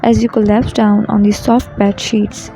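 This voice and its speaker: A woman reading a second-person romance fan fiction story as scripted narration, in a soft, intimate storytelling manner. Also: mid-range voice, level tone, a little slow, gravelly, faint music behind, rough recording.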